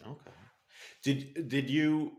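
A man's voice: medium pitch, fairly even intonation, takes it slowly, darkish tone. A man interviewing a guest, asking questions in a hesitant way with many "um" and "uh" fillers. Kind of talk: casual interview.

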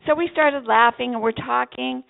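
An older woman tells her story with gusto, leaping up in pitch as she acts out each exchange. Her voice is fairly high with a heavy gravelly fry. The sound is thin and tinny, like a phone line. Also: moderate pace. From Vermont. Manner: animated storyteller acting out dialogue. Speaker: pastor's wife telling a story. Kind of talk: storytelling testimony.

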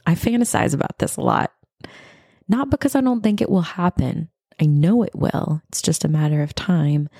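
Soft-spoken woman with a gravelly low voice. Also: expressive, moderate pace, no room sound, clean studio sound. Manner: soft, earnest, intimate address to listeners, drifting into breathy whispers. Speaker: podcast host. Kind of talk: reflective reading of her own writing.

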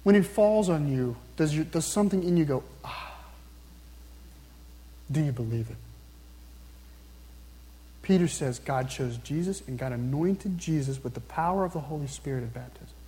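A man preaching with an earnest, searching manner, pressing his listeners again and again and slowing down when he reads scripture. His voice sits high yet mellow. A long reverb trails after his words, as in a large hall. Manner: earnest, repeats questions to the listener, slows down to read scripture. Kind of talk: sermon.

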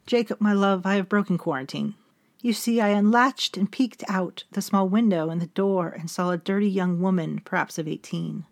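A woman narrating a first-person gothic story in a measured, solemn, intimate voice, like reading a letter aloud. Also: mid-range voice, creaky.

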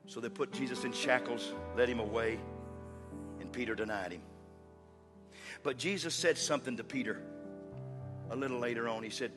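Male pastor, mid-pitch, repetitive sermon cadence, music under the voice. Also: moderate pace, pauses often. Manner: rhythmic, repetitive preaching cadence with call-outs. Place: church sanctuary. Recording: long hall reverb with instrumental music. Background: instrument playing under the sermon.

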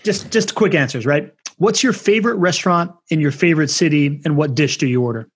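A chummy male podcast host chatting with his guest. His voice is slightly high and a bit husky. He keeps things loose and friendly. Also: a little fast. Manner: easygoing, chummy, says "man" and "bro". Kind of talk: casual interview chat.

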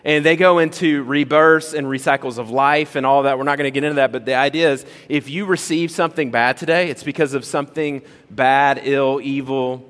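A male pastor preaches in a conversational, animated style, tossing rhetorical questions at his congregation. His voice sits at an ordinary middle pitch. A long reverb from a large church hall hangs on every phrase. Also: brisk, few pauses. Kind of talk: sermon.

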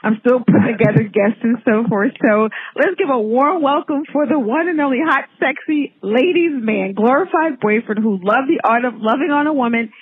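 A woman's voice: on the high side, normal speed, hardly any pauses, husky. Giggly New woman hosting over a phone line. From New York. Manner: bubbly, flirty, giggly and excitable. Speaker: podcast host. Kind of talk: casual podcast interview. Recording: tinny phone-line audio.

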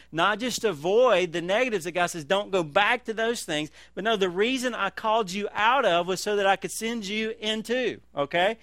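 A middle-aged pastor preaches in an animated way, his voice sitting a touch high for a man. He moves from loud calls down to quiet, slow emphasis. The sound is dry and close. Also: clean tone, no room sound. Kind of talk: sermon.

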